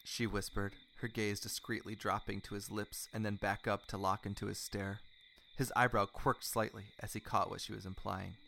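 Gravelly low-voiced man reading hushed romance. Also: level tone, normal speed, a little hiss or hum. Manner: hushed, mock-earnest reading that breaks into laughter. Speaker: reader of a fan story. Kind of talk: dramatic read-aloud of a romance story.

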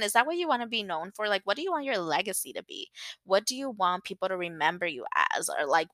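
Young woman podcast host rambling away, bright smooth voice, super dry close mic. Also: mid-range voice, no echo. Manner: chatty and animated, rambles and restarts. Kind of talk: casual solo podcast chat.

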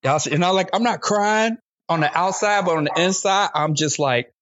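A man's voice: sits high, moderate pace, a bit bright. A male comedian telling a long comic story in a loose, slangy and profane way. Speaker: guest comedian. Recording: dull lo-fi sound.

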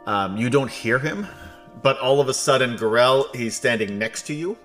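New man as game master, bright and forceful tone, easy storytelling with frequent ums. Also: medium pitch, normal speed, faint music behind. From New York. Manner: relaxed storytelling with frequent ums, joking asides. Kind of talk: narrating a tabletop game.

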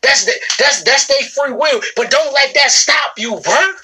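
A woman's voice: sits high, lively intonation, a little slow, pushed and bright, poor audio. A woman who runs a business, speaking straight to camera from her shop in an emphatic, repetitive, preachy motivational style and calling her listeners bro and sis. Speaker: business owner.

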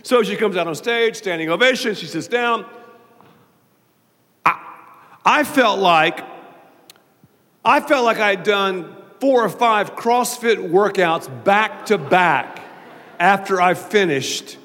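Lively Southern pastor in a big hall. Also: male voice, sits high, slow pace, long pauses. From American South. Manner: animated, jokey, does mock voices. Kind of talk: sermon. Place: large church auditorium. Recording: long reverb of a large hall.

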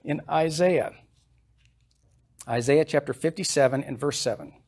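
A man's voice: a little high, a little slow, darkish tone. A man preaching a sermon as pastor in a church, reading scripture aloud with emphatic rises and then explaining it in a plain, conversational way.

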